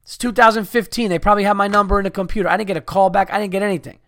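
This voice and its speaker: A man in his thirties rants through a profane story on his podcast, his voice sitting a little high and coming through smooth and clean. He is recorded close and dry, with no room sound behind him. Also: steady tone, racing, fairly bright tone, no echo. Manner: profane, heated, ranting. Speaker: podcast host. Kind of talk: angry storytelling rant.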